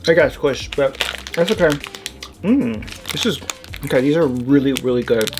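A vlogger from the United States casually tastes and unboxes snacks, chatting with her mouth full and humming "mm" between bites. Her voice is bass-deep and animated at a moderate pace. Music plays behind her, and the recording is noisy with crinkling wrappers.

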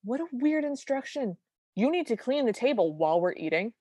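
A woman's voice: fairly high pitch, very animated, brisk, dark tone, husky, no room sound. A woman co-hosting a podcast, recapping a cartoon in a wry, detailed, opinionated way. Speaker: podcast co-host. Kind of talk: casual chat recapping a film.

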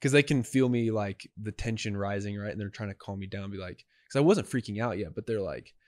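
A man's voice: on the low side, a little fast, dry recording, studio quality. Young man animatedly telling a story. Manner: animated, acts out dialogue. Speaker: podcast co-host. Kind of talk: casual storytelling.

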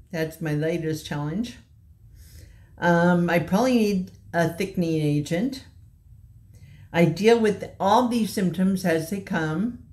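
A woman in her sixties from Kansas City tells her own story in a slightly shaky voice. She speaks very slowly, with halting pauses and earnest care. Her voice sits a little low for a woman. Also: darkish tone. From Kansas City, USA. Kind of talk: personal testimony at a meeting.

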